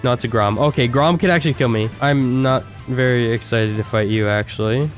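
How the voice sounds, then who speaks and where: A young man giving casual, excitable gameplay commentary as a gaming YouTuber, trash-talking his opponents. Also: mid-range voice, soft background music. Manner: excitable, trash-talks opponents, quick bursts of laughter.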